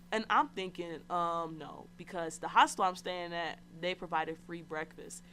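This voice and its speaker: A woman's voice: lowish voice, steady tone, unhurried, hardly any pauses, bright, forceful tone, a little hiss or hum. A young adult woman hosting a podcast, telling a personal story in a chatty, slangy and candid way and talking straight to her listeners. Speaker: podcast host. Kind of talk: casual solo storytelling.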